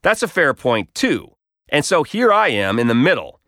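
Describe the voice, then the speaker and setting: A man's voice: a little high, big pitch swings, normal speed, sharp tone, no room sound. A man reading his own comic story aloud with wry, dry humor. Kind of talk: scripted narration.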